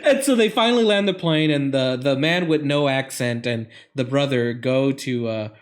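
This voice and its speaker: A man's voice: mid-range voice, normal speed. A man co-hosting a casual movie podcast, recapping the plot in a rambling way with swearing and laughs. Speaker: podcast co-host.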